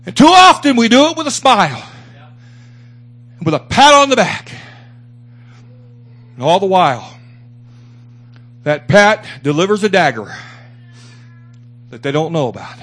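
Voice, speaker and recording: A man's voice: sits high, big pitch swings, a little slow, pauses often, fairly bright tone. A man preaching a sermon to a small church congregation, fervent and repetitive, building up his phrases for emphasis. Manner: fervent, rising and repeating for emphasis.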